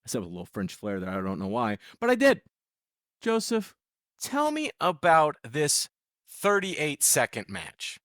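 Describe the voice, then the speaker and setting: A man's voice: fairly high pitch, huge pitch swings, a little slow, fairly bright tone, no echo, studio quality. A man co-hosting a casual wrestling podcast, joking and playful. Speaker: podcast co-host. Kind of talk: casual chat recapping wrestling.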